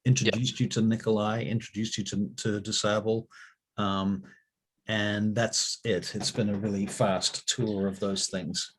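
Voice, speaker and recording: A man's voice: fairly low pitch, little pitch movement, slightly rough. Hesitant man running a tabletop game. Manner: halting, hesitant starts. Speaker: game master.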